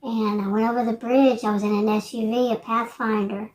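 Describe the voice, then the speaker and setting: An older woman in her sixties rambles through a relaxed chat for her vlog. Her voice sits a little high, and she drifts between thoughts with frequent fillers and false starts. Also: brisk. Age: 60s. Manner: meandering, hesitant, many restarts and fillers. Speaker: vlogger.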